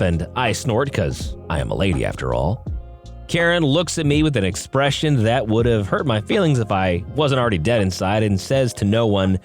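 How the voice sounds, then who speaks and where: Expressive, sarcastic male podcast host. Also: medium pitch. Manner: sarcastic asides, expressive delivery. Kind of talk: reading online stories aloud.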